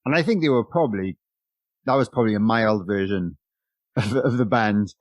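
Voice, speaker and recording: A man's voice: fairly low pitch, dry recording. Hesitant man hosting a podcast. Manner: halting, many "um" and repeated words while asking questions. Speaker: podcast host. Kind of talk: casual interview chat.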